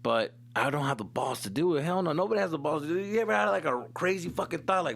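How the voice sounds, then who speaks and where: A young man hosts his own comedy podcast, rambling through a profane solo monologue peppered with Spanish slang. His voice is bright and sharp, and its pitch swings widely as he tells his stories. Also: very animated, fast talker, creaky, hardly any pauses.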